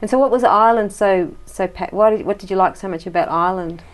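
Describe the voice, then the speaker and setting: A woman's voice: mid-range voice, fast. An Australian woman interviewing her brother in a casual, rambling chat, laughing often.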